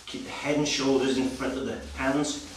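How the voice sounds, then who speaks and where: A slightly breathless male personal trainer demonstrating exercises, giving brisk, direct coaching with frequent check-ins. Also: medium pitch, steady tone. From Wales. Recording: very echoey, distant, noisy room sound.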